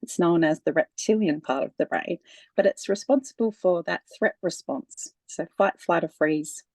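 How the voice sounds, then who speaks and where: A woman speaking as a guest in a relaxed, conversational personal account, with frequent laughs and many fillers. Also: on the low side, normal speed, no echo.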